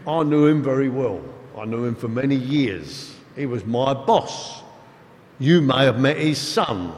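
Animated male preacher in echoey hall. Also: medium pitch, slight background noise. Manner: animated storytelling, emphatic. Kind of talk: sermon. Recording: echoey hall with long reverb.

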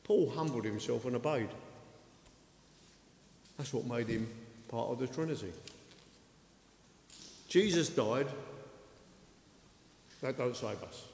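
A male preacher giving an excitable sermon, dropping to quiet asides and rising to loud acted-out quotes. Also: medium pitch, takes it slowly, vocal fry, pauses often, slight background noise. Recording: echoey hall with long reverb.

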